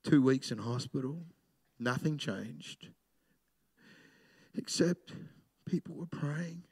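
A middle-aged man, a pastor preaching a sermon in a conversational way, swinging between loud emphasis and hushed storytelling. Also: medium pitch, takes it slowly, slightly rough.

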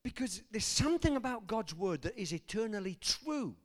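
An older man preaching a sermon, telling personal stories and swinging from soft asides to loud emphasis. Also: high voice, very animated, normal speed.

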